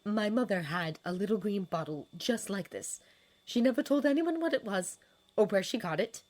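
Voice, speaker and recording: A woman's voice: mid-range voice, lively intonation, normal speed, pitched above the performer's own voice, close to an everyday voice. A woman reading a fanfiction story, voicing a fierce, defiant young woman who snaps back emphatically. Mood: subdued. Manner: sharp, snapping, emphatic.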